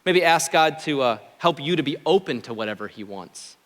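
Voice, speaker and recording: A man's voice: a little high, expressive, normal speed, fairly bright tone, long reverb tail. A man preaching a sermon as pastor, conversational, with asides to the congregation, in a church sanctuary.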